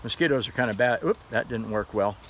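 A man with a lowish, fairly bright voice talks fast over slight background noise in a rough recording. Demonstrating and selling a folding credit card knife in a casual vlog, he rambles chattily and laughs at his own fumbles.

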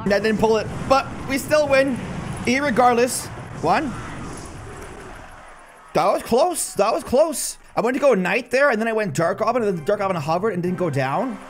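A man in his thirties giving goofy, self-mocking live commentary over a mobile game, often dropping into silly low voices. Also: lively intonation, normal speed, a little hiss or hum. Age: 30s. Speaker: gaming YouTuber.

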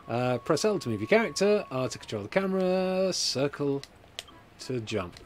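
Male streamer; chatty, jokey game commentary; lively, swinging delivery. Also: mid-range voice, unhurried, faint music behind. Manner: chatty, jokey, reads viewer comments aloud. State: hot and sweaty. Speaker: Let's Play streamer. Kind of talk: casual gameplay commentary.

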